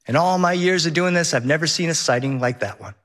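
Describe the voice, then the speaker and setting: A middle-aged man telling a funny personal story on stage, with lively comic timing. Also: fairly high pitch, fast talker. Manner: animated, comic timing, voices his children.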